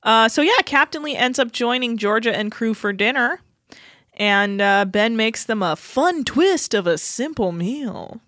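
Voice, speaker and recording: A woman's voice: a little high, expressive, measured pace, fairly bright tone, no room sound, clean studio sound. A woman co-hosting a podcast, recapping a reality show in a chatty, crude and joking way. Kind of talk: casual chat.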